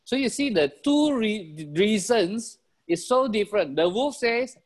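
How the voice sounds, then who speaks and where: Animated Malaysian-accented man giving a motivational talk. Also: high-pitched, measured pace. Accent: Malaysian English. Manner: animated storyteller, chuckles, repeats key phrases. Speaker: motivational business trainer. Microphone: video call.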